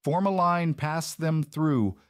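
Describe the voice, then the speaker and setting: A man voicing a humbled former aristocrat turned servant, quiet and heavy but commanding when needed. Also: on the low side, sing-song, normal speed, no room sound, studio quality. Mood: subdued.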